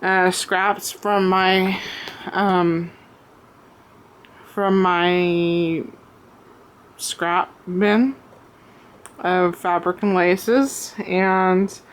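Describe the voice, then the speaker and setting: A woman showing off a craft piece she made, talking out of breath, with many pauses and ums, recorded on a camera on a tripod at home. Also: lowish voice, steady tone, clean tone. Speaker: crafter showing her work. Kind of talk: casual show-and-tell.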